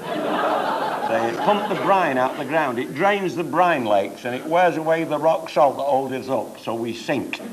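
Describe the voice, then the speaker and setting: An older after-dinner comedian from Cheshire, speaking with that English accent, tells saucy stand-up stories and laughs along as he goes. His medium-pitched voice is animated but unhurried, with a crowd audible and laughter filling the noisy live recording.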